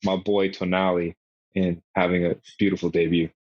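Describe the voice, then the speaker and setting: A man's voice: sits low, normal speed, no echo, muffled recording. A man co-hosting a podcast, chatting casually and jokily about football and swearing freely. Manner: animated, jokey, swears freely. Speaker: podcast co-host.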